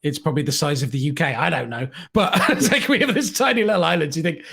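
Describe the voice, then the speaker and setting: A man's voice: on the high side, expressive, quick pace, creaky, sharp tone, husky. An English man co-hosting a podcast, chatting casually and laughing often as he talks. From Britain. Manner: laughs often while talking. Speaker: podcast co-host. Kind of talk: casual chat.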